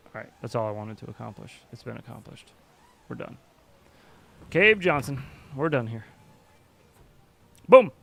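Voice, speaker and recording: A man's voice: medium pitch, sing-song, measured pace, creaky, long pauses, fairly bright tone, slight background noise. Rambling, foul-mouthed man hosting a stream. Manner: rambling and loose, swearing often. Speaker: livestream host. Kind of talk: casual chat while flying a drone simulator.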